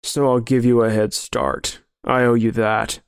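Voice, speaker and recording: A man reading the part of a brutal, bearded man who sneers and threatens slowly. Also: mid-range voice, flat delivery, clean tone, no room sound, studio quality, close to an everyday voice. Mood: menacing. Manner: sneering, menacing, slow counting. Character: brutal bearded man, menacing, laughing at the world.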